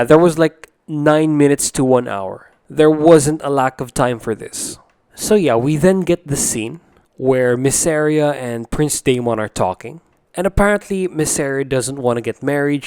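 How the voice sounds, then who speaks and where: A young man talks through a review in a casual, rambling way, full of fillers and blunt opinions. His voice is smooth and clear at a middle pitch. It is recorded close and dry, with no room sound. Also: darkish tone, no room sound.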